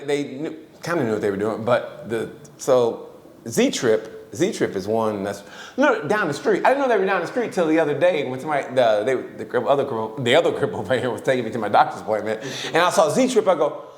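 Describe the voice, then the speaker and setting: Animated, profane man in an echoey room. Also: mid-range voice, brisk. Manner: profane, laughing, animated storyteller. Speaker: podcast co-host. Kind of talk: casual storytelling chat. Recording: roomy echo.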